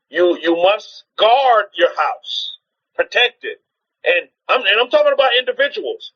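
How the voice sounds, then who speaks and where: On a livestream, a man with a high, slightly rough voice preaches in an informal teaching style, urging his listeners on. He repeats rhetorical questions and frequently restarts sentences, and the recording sounds muffled.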